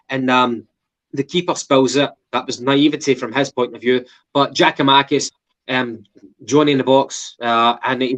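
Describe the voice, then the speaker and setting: A man from England co-hosting a football podcast, reviewing a match in casual, swearing, teasing banter. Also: mid-range voice. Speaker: podcast co-host. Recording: lo-fi muffled audio.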